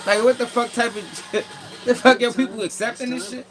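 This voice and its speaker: Laughing high-voiced commentary host. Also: male voice, a little fast, low-quality recording. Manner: laughing, profane, animated. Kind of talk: casual commentary chat. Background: music.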